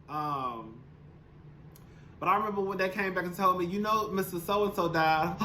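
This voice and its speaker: Sassy, bright-voiced young man recapping gossip. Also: sits high, moderate pace, slight background noise, low-quality recording. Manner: sassy, blunt, profane, talks straight to the viewer. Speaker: show recap commentator. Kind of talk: casual reality-TV recap monologue. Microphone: camera mic, speaking to camera.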